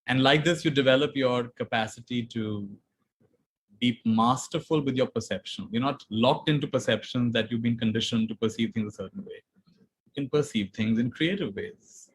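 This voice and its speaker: Soft-spoken husky male spiritual teacher. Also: mid-range voice, normal speed, poor audio. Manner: calm, repetitive, gently emphatic, soft laughs. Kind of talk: talk to an online audience.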